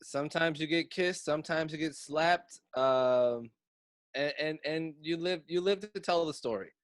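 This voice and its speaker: A man's voice: on the high side, measured pace, dry recording. A man hosting a podcast, talking casually in a wry, sarcastic way and swearing freely. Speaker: podcast host.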